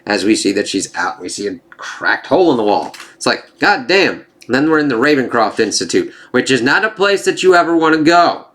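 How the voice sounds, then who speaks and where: A man's voice: medium pitch, big pitch swings, a little fast, few pauses, fairly bright tone. A man giving a casual spoiler review of a comic. He swears freely, rambles and corrects himself, and reads the dialogue aloud in livelier voices.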